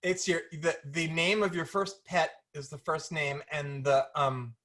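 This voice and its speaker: A woman's voice: low voice, fairly even intonation, a little slow, a bit bright. A woman author chatting over a video call, playful and rambling, often stopping and restarting her sentences. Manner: playful, rambling, self-interrupting. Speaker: author being interviewed. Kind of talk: casual video-call conversation. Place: home, virtual event.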